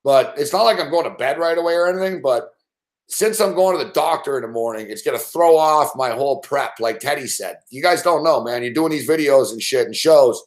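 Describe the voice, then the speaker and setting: Brisk and mid-range in voice, the host of a late-night sports betting stream rambles through a casual rant, swearing all the time.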